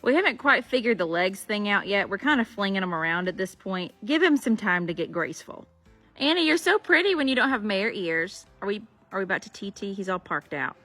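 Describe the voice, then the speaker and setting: A woman's voice: medium pitch, animated, brisk, sharp tone, faint music behind. A woman filming her foals in a barn, gushing at them in casual baby talk. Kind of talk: casual vlog talking to foals. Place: horse barn and arena.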